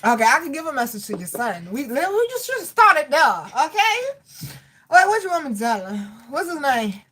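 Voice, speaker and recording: A woman giving a live medium reading, talking casually with spirits, laughing often and swinging between loud outbursts and soft murmurs. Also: high voice, very animated, normal speed. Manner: casual, slangy, chatty.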